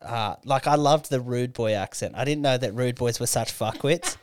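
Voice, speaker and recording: A man's voice: mid-range voice, normal speed, darkish tone, slight background noise. A man in his thirties hosting a podcast, telling stories in a casual, profane, laid-back way. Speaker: podcast host. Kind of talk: casual chat.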